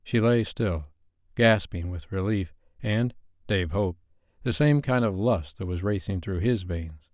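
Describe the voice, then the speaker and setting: Male audiobook narrator, deep, measured delivery, dry studio sound. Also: a little mellow, dry recording.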